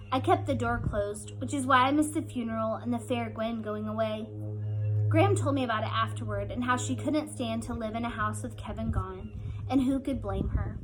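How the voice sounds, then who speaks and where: A woman's voice: fairly high pitch, a little hiss or hum, rough recording. A woman reading a first-person novel aloud in an earnest storytelling manner. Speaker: audiobook reader.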